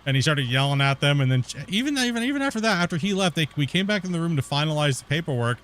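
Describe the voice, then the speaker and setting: Rapid-fire and animated, a man streaming a game spins a loose, slangy story full of "dude" and "bro." His voice is fairly high and a bit bright.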